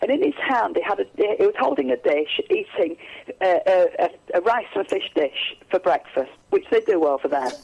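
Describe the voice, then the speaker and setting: A woman's voice: mid-range voice, expressive, moderate pace, gravelly, a little mellow, lo-fi sound. A woman, a psychic medium, telling stories in a radio interview, rambling with many restarts and fillers.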